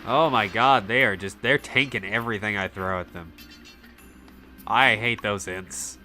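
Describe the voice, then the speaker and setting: A man's voice: on the low side, a little slow, pushed and bright, faint music behind. A man playing a tower defense game, joking around and swearing at the enemies. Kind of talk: casual let's play chat.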